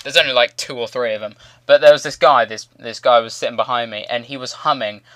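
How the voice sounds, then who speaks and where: A man's voice: mid-range voice, fairly even intonation, fast, fairly bright tone, dry recording. A young man in his late teens hosting his channel, rambling through a cheeky, crude story in casual commentary. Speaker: channel host.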